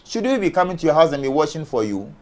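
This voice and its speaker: Talking fast in a fairly high, sing-song voice, this man from Ghana argues hotly on an entertainment panel. His manner is forceful and combative, packed with rhetorical questions.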